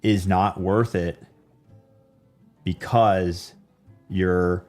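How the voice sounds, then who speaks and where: Streamer guy, lowish voice, loose rambling chat over soft background music. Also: steady tone, drawn-out words. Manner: rambling, many fillers and restarts. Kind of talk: casual chat reading live chat.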